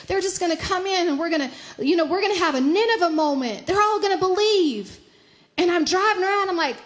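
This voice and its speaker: A middle-aged woman pastor preaching a sermon in an animated way, often laughing, and her voice climbs when she acts out her own prayers. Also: sits high, a little fast.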